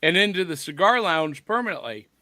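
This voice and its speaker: Bright-voiced upbeat male podcast host. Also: high voice, animated, fairly quick, dry recording, studio quality. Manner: playful, upbeat, jokey. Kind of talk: casual chat reading viewer comments.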